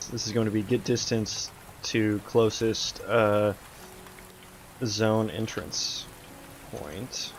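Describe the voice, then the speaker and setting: A man's voice: fairly low pitch, fairly even intonation, a little hiss or hum. Man thinking aloud while coding. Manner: rambling, self-talking, halting with fillers. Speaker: game developer streaming his work. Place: at home.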